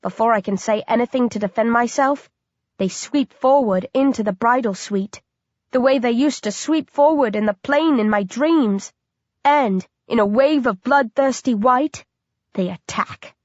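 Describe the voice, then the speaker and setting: A woman's voice: on the high side, a little slow, darkish tone, dry recording, lo-fi sound. A woman reading a first-person horror audiobook in a dramatic, intense manner. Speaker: audiobook narrator.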